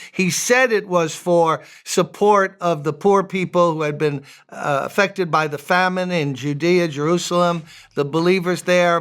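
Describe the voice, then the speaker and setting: High-voiced pastor giving a chatty sermon. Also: male voice, fairly bright tone, clean tone. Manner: chatty, joking asides, reads scripture aloud. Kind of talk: conversational devotional sermon.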